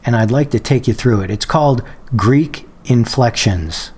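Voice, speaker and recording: A Bible software tutorial presenter with a mid-range, husky voice calmly walks viewers through a feature in a screen-share walkthrough. He's patient and explanatory, slowing down on quoted phrases and examples.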